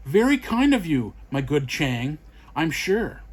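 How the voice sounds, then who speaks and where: A money-hungry rich master who speaks with stiff politeness, as a man puts him on for a storybook. His voice runs fairly high. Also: very animated, slow pace, slightly rough, heavily acted. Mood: curious. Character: greedy rich male master.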